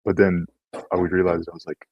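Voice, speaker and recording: A man's voice: low-pitched, flat delivery, a little fast, no room sound, muffled recording. A man who is a guest in a casual conversation, telling a rambling story whose sentences trail off.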